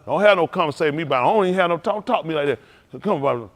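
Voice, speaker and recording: A male pastor giving an informal, animated testimony sermon at a service, talking straight to the congregation and laughing often. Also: fairly high pitch, racing. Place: synagogue service.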